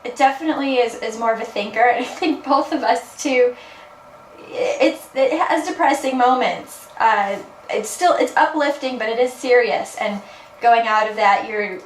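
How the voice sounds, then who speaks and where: Woman in her twenties or thirties, movie review co-host, relaxed, hesitant, higher pitch, echoey distant mic. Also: moderate pace. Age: 20s or 30s. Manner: relaxed, hesitant restarts, laughs. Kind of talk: casual chat. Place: in a car. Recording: roomy, distant, faint background hum.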